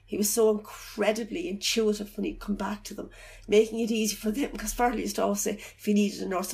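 Soft-spoken gravelly middle-aged woman. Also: mid-range voice, fairly even intonation. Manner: halting, searching for words, soft and reflective. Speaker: bereaved mother telling her story. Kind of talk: personal account in an interview.

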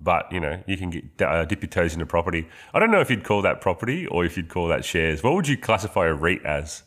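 Deep-voiced man with a nasal cold. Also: very animated, quick pace, fairly bright tone. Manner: playful, competitive. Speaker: podcast co-host. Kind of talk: casual finance podcast debate.

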